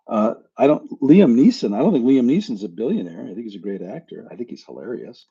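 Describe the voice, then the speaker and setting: A man's voice: medium pitch, sing-song, fairly quick, few pauses, mellow, husky. A man hosting a live stream as a spiritual coach, talking in a frank, blunt, casual way and swearing now and then. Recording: dull lo-fi sound.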